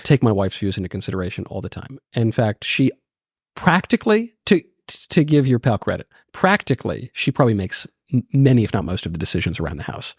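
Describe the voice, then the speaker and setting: A man's voice: mid-range voice, quick pace, husky, no echo, clean studio sound. A man in his thirties, a podcast guest telling stories in casual, joking chat. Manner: lively, joking, lots of restarts.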